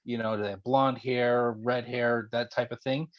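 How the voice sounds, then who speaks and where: A man's voice: mid-range voice, flat delivery, normal speed. A man hosting a casual interview, rambling and rephrasing his questions as he asks them. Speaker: interview host. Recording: dull lo-fi audio.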